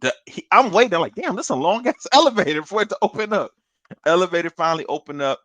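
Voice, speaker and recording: Guy on a podcast spinning a story, swears a lot, keeps laughing, pitch jumping all over, dry close sound. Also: fast talker, no echo. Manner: animated storyteller who swears and laughs often; acts out other people's lines while retelling. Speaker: podcast co-host. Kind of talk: casual storytelling chat.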